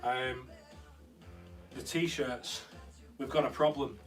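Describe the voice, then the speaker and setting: A young man with a steady, mid-range voice speaks slowly while hosting a casual live stream from a converted studio room, chatting and responding to viewer comments as they come in. His mic is slightly distant, and faint guitar music can be heard.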